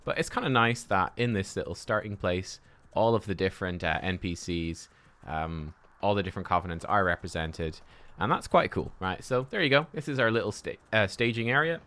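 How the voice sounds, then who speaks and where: A man's voice: deep voice, a little fast, sharp tone. A man giving chatty, upbeat gameplay commentary as host of a gaming video, laughing often.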